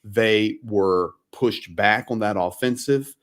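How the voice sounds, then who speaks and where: A man hosting a live stream, with a somewhat low voice. He makes his points emphatically and insistently. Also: slow. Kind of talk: casual live-stream conversation.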